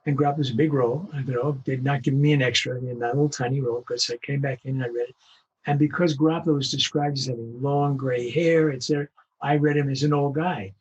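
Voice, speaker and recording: An older male voice actor telling animated anecdotes in an interview, acting out the voices of the people he quotes. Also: mid-range voice, fast, lo-fi sound, a little hiss or hum. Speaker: guest voice actor. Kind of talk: storytelling interview.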